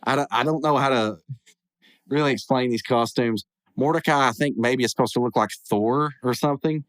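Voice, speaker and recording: A man's voice: mid-range voice, brisk, no echo. A man hosting a podcast, casually recapping a cartoon episode with rambling, chuckling asides. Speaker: podcast host.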